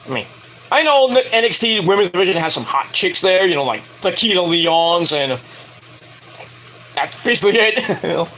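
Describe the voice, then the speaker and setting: A man's voice: sits high, lively intonation, moderate pace, sharp tone, poor audio. A man giving a casual, crude and opinionated wrestling review, swearing freely.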